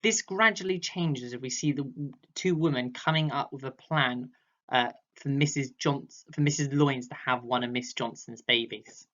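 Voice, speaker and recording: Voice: mid-range voice, a bit bright. Drama teacher talking a class thru exam notes, acts out the examples, kinda muffled recording. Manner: explains step by step, acts out vocal examples. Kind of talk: recorded online lesson. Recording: dull lo-fi sound.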